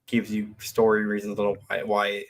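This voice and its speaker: A man's voice: lowish voice, monotone, moderate pace. A man co-hosting a podcast, chatting about a movie with wry humor. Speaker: podcast co-host. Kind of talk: casual movie discussion.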